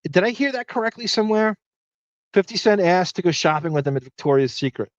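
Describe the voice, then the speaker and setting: A man's voice: high voice, expressive, fast, no room sound, lo-fi sound. A man with a Long Island accent hosting a podcast, reading listener comments and thinking aloud in a rambling, profane way. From Long Island, New York. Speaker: podcast host. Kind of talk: casual live chat reading listener comments.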